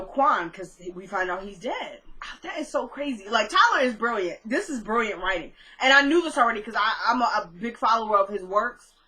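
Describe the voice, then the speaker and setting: A woman casually recapping a TV episode, chatty and animated, acting out characters' lines as she retells the scenes. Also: on the high side, poor audio. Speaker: TV recap vlogger.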